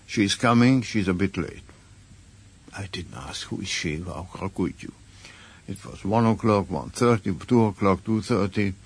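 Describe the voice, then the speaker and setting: An older man with a Hungarian accent, a composer telling a lively anecdote as a radio interview guest. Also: on the low side, slightly rough. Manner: lively storyteller, acts out quoted voices.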